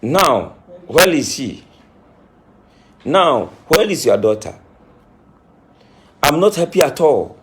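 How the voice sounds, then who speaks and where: A man's voice: fairly high pitch, big pitch swings, slow pace, long pauses, background noise. Guy ranting to camera, keeps repeating himself, voice jumps around a lot. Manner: emphatic and repetitive, scolding. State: says he is crying. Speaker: self-styled spiritualist. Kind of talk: impassioned monologue to camera.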